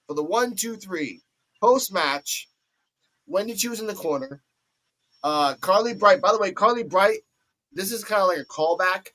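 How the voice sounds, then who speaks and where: A fairly high-voiced man runs through a wrestling match move by move. He gets animated, jumping into squeaky put-on voices whenever he quotes someone. He talks like a host holding the floor on his own show. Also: moderate pace, low-quality recording. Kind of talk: excited play-by-play recap.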